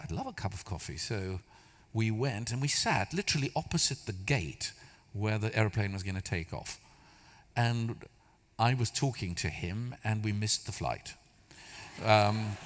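Guy preaching, chatty storytelling, bits of humor, big echoey church hall. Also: fairly low pitch. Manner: storytelling, conversational, self-deprecating humor. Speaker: church speaker. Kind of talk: sermon. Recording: long hall reverb.

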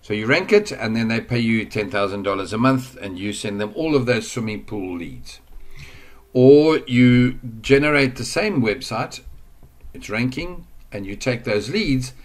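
A man's voice: medium pitch, lively intonation, a little slow. Chatty rambling man teaching online marketing. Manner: rambling, chatty, drifts off mic at times. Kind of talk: casual screen-share tutorial.

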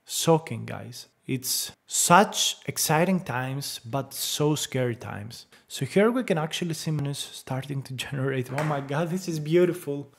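Gushing, excitable tech vlogger. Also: mid-range voice, measured pace, vocal fry, few pauses, husky. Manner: swears casually. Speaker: tech video creator. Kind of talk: screen-recording commentary.

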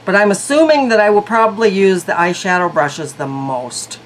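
A woman's voice: mid-range voice, normal speed, a little hiss or hum, low-quality recording. A woman reviewing beauty products in a casual vlog, chatty and thinking aloud. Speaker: beauty vlogger.

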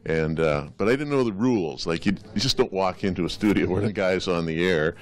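A man in his sixties with a big deep voice, a radio DJ telling a rambling, hesitant story at a restaurant gathering. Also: brisk. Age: 60s. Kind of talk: after-dinner tribute speech.

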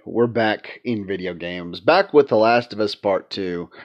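A man with a lowish, animated voice and a measured pace hosts a commentary channel, offering sarcastic, casual takes on video games and repeating points for emphasis. Allergies leave him stuffy-nosed, and the recording sounds dull and lo-fi.

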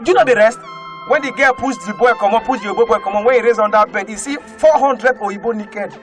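A male comedian with a Nigerian Pidgin English accent, telling animated comic stories and often breaking into shouted put-on voices. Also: very high voice, fast talker. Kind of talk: stand-up comedy storytelling. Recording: faint music behind.

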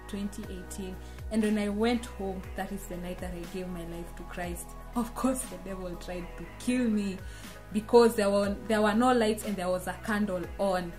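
A young woman sharing a personal testimony, telling her story earnestly and with deep emotion. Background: music.

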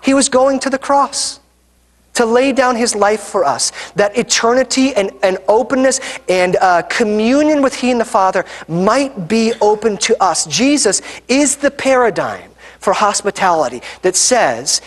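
A young adult male pastor preaches a sermon in a loose, conversational manner, telling stories with plenty of fillers and self-corrections. His voice sits high for a man. The sound carries the long reverb of a church hall. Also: lively intonation, measured pace. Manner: conversational storytelling with frequent fillers and restarts.

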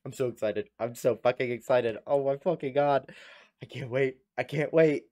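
An American man hosting a reaction video, loud, excited and swearing, repeating his exclamations. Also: mid-range voice, normal speed. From United States. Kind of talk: casual reaction commentary. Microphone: desk USB microphone.

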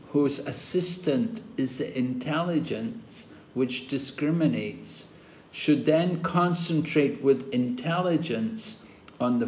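Male spiritual teacher, scripture lecture, slow measured delivery, roomy echoey recording. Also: medium pitch. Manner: slow, deliberate explaining with occasional chuckles. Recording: roomy echo with faint ambient noise.

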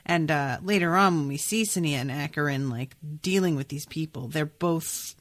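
A woman with a low voice hosts a casual book podcast. She muses out loud, trailing off and restarting with frequent fillers as she works through her thoughts. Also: normal speed. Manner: musing, filler-heavy, thinks out loud. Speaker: podcast host. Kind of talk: casual book discussion and reading aloud.

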